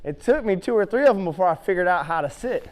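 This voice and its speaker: Talking fast, a middle-aged horse trainer with a strikingly high voice spins vivid tales and acts out how he reacted. In an arena, he coaches a student through groundwork just as animatedly, mixing storytelling with hands-on riding instruction.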